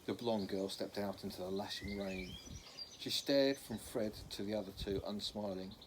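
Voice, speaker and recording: A man's voice: low voice, fairly even intonation, moderate pace, noisy background. A man reading a children's novel aloud in an unpolished way, stopping now and then to correct slips. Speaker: reader.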